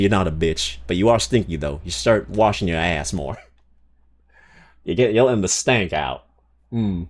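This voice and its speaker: A male streamer talks off the cuff to his viewers, rambling from thought to thought and swearing freely. His voice sits in an ordinary middle pitch. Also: darkish tone. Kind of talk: casual livestream chat.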